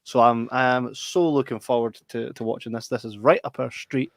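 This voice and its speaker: Scottish man, podcast co-host, animated sweary storyteller, dry close sound. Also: mid-range voice, brisk, vocal fry, dry recording. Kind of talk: casual chat.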